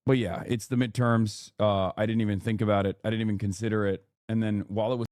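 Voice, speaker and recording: A man speaking in a low voice, casually and thoughtfully, sometimes trailing off. The sound is dry and close, with almost no room around it. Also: little pitch movement, quick pace, darkish tone, no echo. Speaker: streamer in a played clip. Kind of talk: casual talk.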